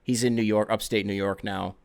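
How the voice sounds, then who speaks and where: A tired male league official , as a man plays him, scolding a star player in a low-key, soft, swearing way. He sounds fed up rather than loud. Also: fairly even intonation, a little fast, creaky. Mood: exasperated. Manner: weary, scolding, profane, soft-spoken.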